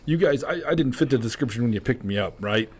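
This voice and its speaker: A man's voice: mid-range voice, animated, quick pace, slightly rough. A male podcast host chatting casually with his guest, blunt and ready with casual swearing. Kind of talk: casual chat.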